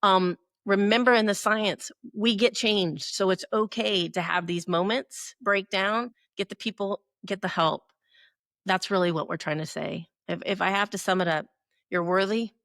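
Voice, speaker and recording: A woman's voice: medium pitch, fairly even intonation, moderate pace, a bit bright, dry recording, clean studio sound. A middle-aged woman co-hosting a podcast, giving earnest motivational advice and often checking in with "right?". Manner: earnest, frequent "right?" tag questions. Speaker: podcast co-host.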